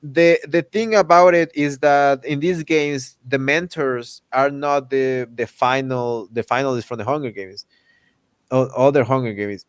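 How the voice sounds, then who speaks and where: Animated man ranting. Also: medium pitch, clear, resonant tone, no echo. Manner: animated, indignant, many restarts. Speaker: host. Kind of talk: casual podcast rant.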